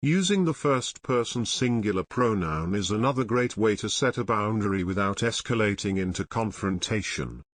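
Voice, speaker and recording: A man narrating an audiobook summary in a measured, even reading style. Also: on the low side, no echo. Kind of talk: scripted narration.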